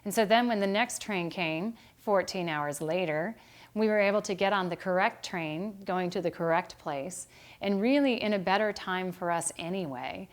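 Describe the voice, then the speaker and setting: A middle-aged woman teaching a devotional Bible study lesson, speaking in a calm and gentle way. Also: on the low side, moderate pace. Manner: calm and gentle, growing quieter toward a meditative close. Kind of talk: reflective devotional talk.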